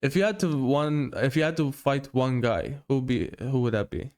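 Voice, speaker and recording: A man in an easygoing podcast chat at an ordinary middle pitch. He rambles through his thoughts, restarting sentences, and drops into a lower voice to quote film lines. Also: normal speed, darkish tone. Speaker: podcast co-host. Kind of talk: casual chat.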